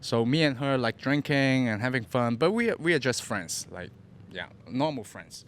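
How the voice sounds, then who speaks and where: There's a little hiss or hum as a young man from Hong Kong, guesting on a podcast, casually recounts his story. His Cantonese-accented English is broken and full of repeated words, delivered at a moderate pace, medium pitch, with lively intonation.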